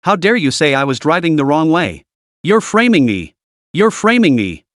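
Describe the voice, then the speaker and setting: A man voicing a shrill, arrogant woman driver. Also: sing-song, moderate pace, fairly bright tone, dry recording, clean studio sound. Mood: angry. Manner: screeching, insulting.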